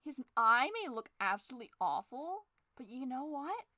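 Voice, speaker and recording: A young woman chatting casually while she draws, sarcastic, swearing freely, and jumping into shrill forced cheer. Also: sing-song, normal speed, pushed and bright, no echo, studio quality. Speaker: drawing vlogger. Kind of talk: casual chat while drawing.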